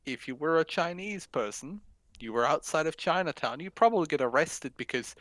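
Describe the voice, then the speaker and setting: A man's voice: on the high side, expressive, a little fast, a bit bright, no echo, poor audio. A man co-hosting a political podcast, talking casually in an offhand, sweary manner. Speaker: podcast co-host.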